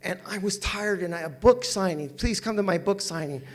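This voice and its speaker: An older man from Southern California shares his own story at a recovery meeting in a hall with listeners present. His voice is high and his pace normal, and he stays lively and self-mocking, laughing frequently.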